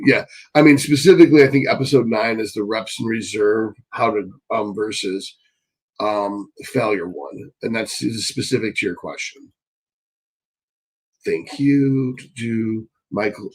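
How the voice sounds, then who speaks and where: A man hosting a live stream Q&A, reading chat questions and answering bluntly, swearing often and getting excitable. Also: on the low side, poor audio.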